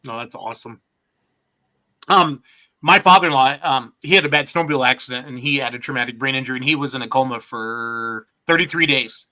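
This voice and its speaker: A man's voice: medium pitch, quick pace, sharp tone. A man hosting a casual podcast, joking and self-deprecating in easy banter.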